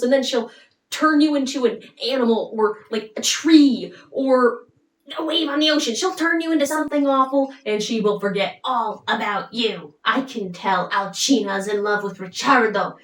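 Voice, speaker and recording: A woman's voice: a little high, moderate pace, natural voice. Angry jilted man from a woman narrator, sneering, echoey room. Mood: spiteful. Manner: bitter, warning. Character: jealous male lover, furious and spiteful. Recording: roomy, distant mic.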